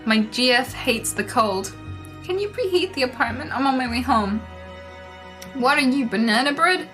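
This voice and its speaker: A woman's voice: high voice, animated, moderate pace, a bit bright, soft background music. A woman streamer reading memes aloud and reacting, laughing often and swearing freely.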